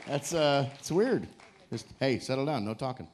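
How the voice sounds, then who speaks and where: Man, game show host, swooping lively pitch, joking and teasing, hyping the crowd, cruise ship stage. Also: moderate pace, slight background noise. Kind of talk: live audience game show hosting.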